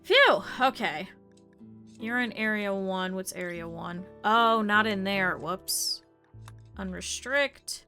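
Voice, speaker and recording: A woman's voice: mid-range voice, slow, sharp tone, soft background music. A woman streamer giving live gameplay commentary, chatty, laughing often and talking to her game characters and chat.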